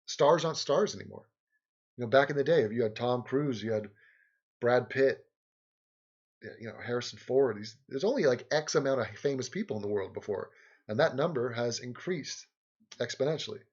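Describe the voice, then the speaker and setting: A man's voice: medium pitch, lively intonation, brisk, breathy edge, highs cut off. A man hosting a livestream, rambling sarcastically in casual chat and game commentary, often laughing. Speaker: livestream host.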